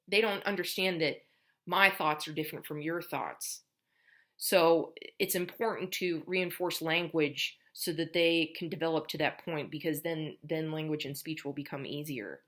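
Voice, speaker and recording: A woman's voice: sits low, steady tone, normal speed, fairly bright tone. A woman speech teacher explaining patiently to parents, step by step, how to build a child's language at home. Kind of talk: instructional lesson for parents.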